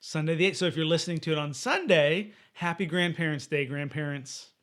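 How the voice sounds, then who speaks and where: A man's voice: a little high, expressive, fairly bright tone. A young man co-hosting a podcast, chatting casually and riffing with jokes. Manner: playful, jokey, quick to riff. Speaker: podcast co-host. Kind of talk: casual chat.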